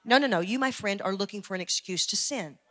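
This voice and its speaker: A woman's voice: medium pitch, fast talker, fairly bright tone, a little hiss or hum. A woman pastor preaching a fiery sermon, building in intensity and repeating phrases for emphasis. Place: church sanctuary.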